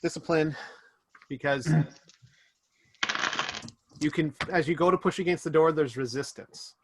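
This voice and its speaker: A man's voice: on the high side, noisy background. Man narrating a tabletop game. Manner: slow, descriptive, brooding narration. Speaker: game master.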